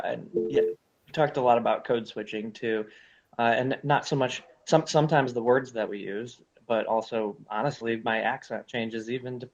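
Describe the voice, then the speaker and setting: Guy on a muffled zoom call, reflective, trails off softly. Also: mid-range voice. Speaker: panel participant. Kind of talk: casual discussion on video call.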